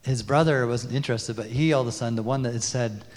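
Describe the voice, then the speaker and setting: A mid-pitched man tells a testimony at a church meeting, rambling and acting out bits of dialogue. His voice carries the long reverb of a church hall. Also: fast, darkish tone. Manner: rambling, with many "you know"s and quoted dialogue. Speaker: congregation member. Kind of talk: telling a testimony.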